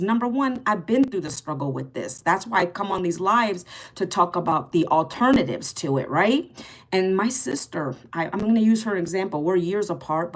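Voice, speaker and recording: Chatty woman in her fifties hosting a live stream. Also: fairly low pitch. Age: 50s. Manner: chatty, greets and answers viewer comments by name; blunt and sarcastic with rude commenters. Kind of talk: casual live stream chat.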